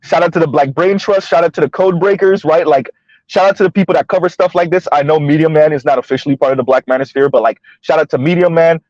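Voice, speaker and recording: A man's voice: fairly high pitch, fairly even intonation, quick pace, darkish tone, no room sound, highs cut off. A man hosting a casual commentary channel while driving, chatting loosely, laughing often and tagging sentences with "right?". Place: inside a car on the road.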